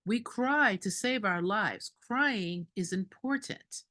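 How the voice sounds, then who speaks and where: A woman's voice: medium pitch, takes it slowly. Indignant woman doula telling a story. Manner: animated, indignant storytelling with laughs. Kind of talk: storytelling at a group meeting.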